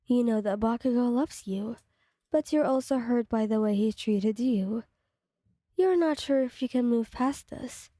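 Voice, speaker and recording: A woman narrating a second-person fan story in a plain, steady read-aloud manner. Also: fairly high pitch, a little slow, dry recording, clean studio sound.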